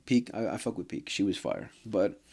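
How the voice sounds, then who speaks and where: A man's voice: lowish voice, sing-song, normal speed, creaky, warm tone, breathy edge. A man ranting casually about a show, heated and profane, rambling with fillers and restarts. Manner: profane and heated, says "bro" constantly. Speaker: vlogger. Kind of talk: casual anime rant.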